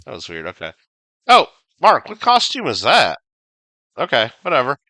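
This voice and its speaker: A man's voice: mid-range voice, wildly swooping pitch, normal speed, pushed and bright, faint music behind. A man streaming a video game, chatting casually, reading viewer comments aloud and swearing now and then. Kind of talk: casual livestream gaming chat.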